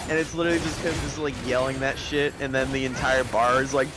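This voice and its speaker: A man's voice: mid-range voice, little pitch movement, brisk, few pauses, over music. A man in casual gaming chat, rambling through a story and acting out the quoted lines. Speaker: gaming stream co-player.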